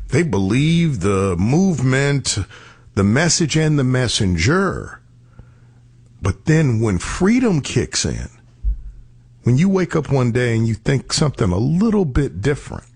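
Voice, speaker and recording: A man's voice: medium pitch, a little mellow, slightly rough. A man telling a story in a casual radio talk show style.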